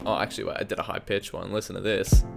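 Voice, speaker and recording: A man's voice: sits low, flat delivery, quick pace, creaky, over loud music. An Australian man in a casual, sweary, self-mocking walkthrough of his own song project from a home studio. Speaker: hobby music producer. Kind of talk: casual screen-recorded walkthrough.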